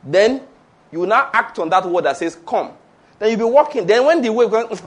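A man preaching a sermon, his voice pitched high for a man. He delivers it with playful energy and laughs often as he goes. He has the congregation echo his key phrases back to him. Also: moderate pace. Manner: animated and playful, laughs often, leads the audience in repeated phrases.

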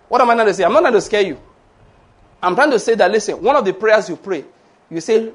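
A man's voice: high voice, quick pace, long pauses. A man preaching a sermon, laughing often and acting out the voices of the people he quotes.

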